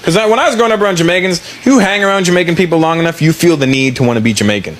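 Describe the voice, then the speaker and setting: A man doing a stand-up routine, telling playful stories with quick asides. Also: fairly high pitch. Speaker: stand-up comedian. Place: large comedy venue, audience laughing. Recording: loud crowd and noise on stage recording.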